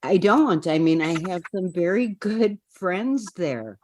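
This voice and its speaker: Low, slow-speaking woman. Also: expressive, a little mellow, a little hiss or hum. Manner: halting, trailing off mid-thought. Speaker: session participant. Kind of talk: conversational sharing.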